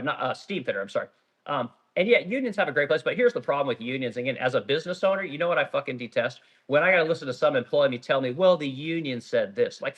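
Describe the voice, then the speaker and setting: A man's voice: mid-range voice, fairly bright tone, breathy edge. A middle-aged man who owns a small business, ranting bluntly and profanely on a casual livestream while reading out viewer comments. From Oregon. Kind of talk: casual live-stream rant reading comments.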